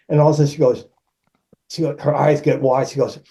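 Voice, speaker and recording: A man in his sixties from Massachusetts, a guest actor telling animated anecdotes and acting out the people in them. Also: brisk, rough recording. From Massachusetts, USA. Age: 60s. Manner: animated anecdotes, raises pitch to act out quoted people. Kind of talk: casual storytelling.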